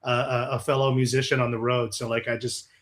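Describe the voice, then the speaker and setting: This interviewed musician talks a little fast in a mid-range voice. His storytelling is relaxed but lively and profane, and he acts out what people said.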